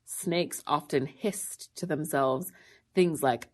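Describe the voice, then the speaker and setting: A woman reading a children's novel aloud in a steady, plain manner. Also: low-pitched, takes it slowly, creaky. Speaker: reader.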